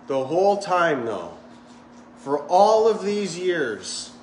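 A male pastor preaches in a loose, joking, conversational way, his voice sitting a little high for a man. The sound is roomy, echoing through a church sanctuary, with faint ambience underneath. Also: very animated, slow, a little mellow, slight background noise. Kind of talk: sermon. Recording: echoey church hall.

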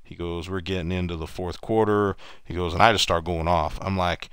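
A man's voice: low voice, fairly even intonation, brisk, a bit bright, clean tone, no room sound, studio quality. A man streaming gameplay and telling a long story in a casual, rambling way, often restarting his sentences. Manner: mimics other people in raised voices when retelling stories.

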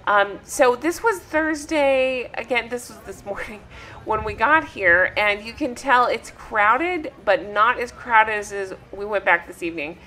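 A woman's voice: a little high, measured pace, pushed and bright. A woman hosting a travel vlog and chatting in a gushing, breathless way. She sounds tired from travel and talks into a travel mic. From United States. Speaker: vlog host. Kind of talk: excited travel vlog chat.

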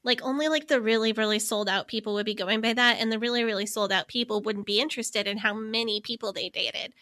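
Podcast co-host, woman, bright and punchy, chatty and lively, dry close sound. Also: on the high side, fast, no echo. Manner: lively, explains with frequent "like" fillers. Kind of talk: casual podcast chat.

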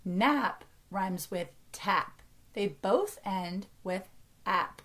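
A woman's voice: medium pitch, lively intonation, extremely slow, fairly bright tone. An American woman in her thirties, a teacher giving an early-grade reading lesson and carefully sounding out words for young children. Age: 30s.

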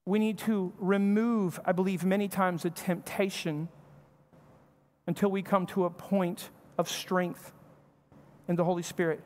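A man's voice: high voice, little pitch movement, measured pace. Man preaching in a reverberant church. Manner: conversational preaching with acted-out family dialogue. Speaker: pastor. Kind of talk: sermon. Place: church sanctuary.

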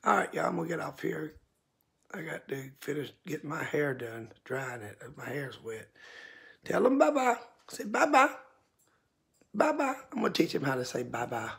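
A woman chatting casually to her viewers and slipping into high, sing-song baby talk with her pet bird. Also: fairly even intonation, fairly quick, gravelly, slightly rough. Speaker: pet owner vlogger.

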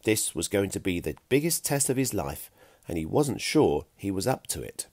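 A man narrating a children's storybook chapter with an animated, expressive reading. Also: on the low side, normal speed, no echo.

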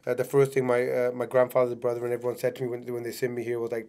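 A man from England, a podcast guest, telling his life story in a casual, animated way and often saying "man". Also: mid-range voice, very fast.

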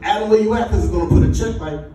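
Male pastor, high mellow voice, exhorting sermon, echoey church heard from a distance. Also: racing, a little hiss or hum. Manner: call-and-response preaching, exhorting.

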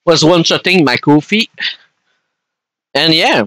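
A man's voice: fairly high pitch, expressive, measured pace, fairly bright tone, dry recording, rough recording. A young man from Canada, chatting casually and swearing freely as he streams a game and answers his chat.

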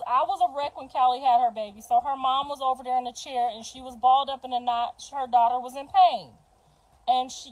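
A mother telling a story on a livestream in a casual, animated style, acting out what others said. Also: high voice, poor audio.

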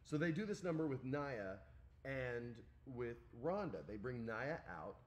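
Animated man telling a story. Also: mid-range voice, measured pace. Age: 40s. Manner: animated storytelling, acts out quoted lines, swears freely. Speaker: podcast co-host. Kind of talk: casual chat.

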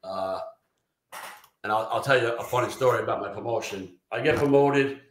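A man telling profane, animated stories from his firefighting career in a casual interview. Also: on the low side, moderate pace. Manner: profane, animated anecdotes with quoted dialogue. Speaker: retired fire lieutenant guest. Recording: roomy echo.

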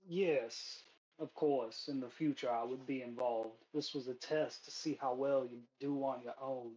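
A man voicing a charming but nervous male recruiter in a ten-gallon hat, who talks smoothly and then frets. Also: medium pitch, fairly even intonation, unhurried, darkish tone, lo-fi sound, close to an everyday voice. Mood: evasive. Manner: smooth talker who turns anxious and rambling.

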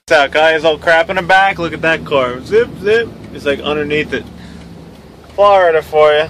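A man's voice: on the high side, normal speed, a bit bright, a little hiss or hum, rough recording. A tow truck driver talking casually as he drives, with a griping, sarcastic running commentary. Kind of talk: casual vlog chat while driving.

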